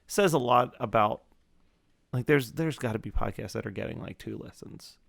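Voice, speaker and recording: A man's voice: mid-range voice, normal speed, vocal fry. A man in his thirties, a podcast guest in casual chat, telling stories with lots of laughter. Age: 30s. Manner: animated storyteller, laughs often.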